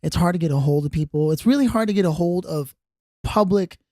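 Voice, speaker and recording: A man co-hosting a podcast in casual chat, an animated storyteller who laughs easily and acts out quotes. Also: high voice, fairly quick, dry recording, studio quality. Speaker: podcast co-host.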